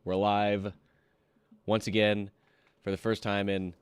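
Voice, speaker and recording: A man hosting a game stream, teasing his co-host and spinning deadpan stories. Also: on the low side, slow pace, smooth, no echo. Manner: teasing, deadpan storytelling with many fillers. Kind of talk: casual in-character banter.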